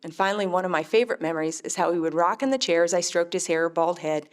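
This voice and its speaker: A middle-aged woman, a mother, telling her faith testimony in an earnest, heartfelt, measured way. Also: fairly low pitch. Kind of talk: personal testimony storytelling.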